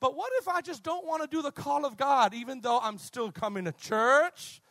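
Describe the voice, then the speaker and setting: A man preaching a sermon in an emphatic, animated way, calling out to his congregation. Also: very high voice, moderate pace, dry recording.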